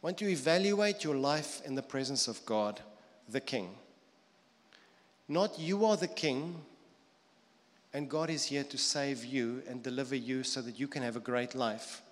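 A man delivers a sermon in a relaxed, conversational manner, slipping into quick acted voices for the people he quotes. His voice sits at a middle pitch for a man. The sound carries a long hall reverb, as in a church. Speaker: preacher.

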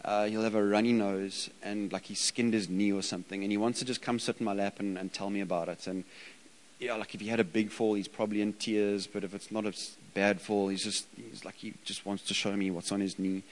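A man's voice: lowish voice, steady tone, fairly quick, poor audio. A man in his thirties preaching in an informal, conversational way, with frequent fillers and restarts. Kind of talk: conversational sermon.

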